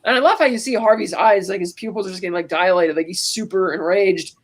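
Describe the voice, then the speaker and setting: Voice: medium pitch, fast talker. A podcast co-host retelling a movie scene by scene in a casual, rambling way. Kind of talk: casual film recap.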